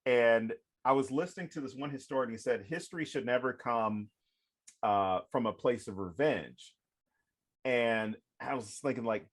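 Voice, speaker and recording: A storytelling man on a podcast, lively and expressive, often breaking into laughter as he acts out conversations. His pitch sits in an ordinary middle range. He swears freely and keeps the tone casual. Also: moderate pace. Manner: animated, profane, acts out quoted dialogue; laughs often while telling stories. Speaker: podcast guest, author.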